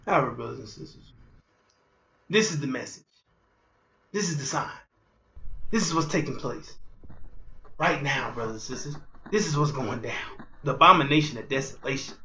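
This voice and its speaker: A man preaching a fiery street sermon, repeating himself and jumping between loud outbursts and low murmurs. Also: animated, moderate pace, pauses often, highs cut off. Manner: repetitive, rhetorical, keeps asking "you see".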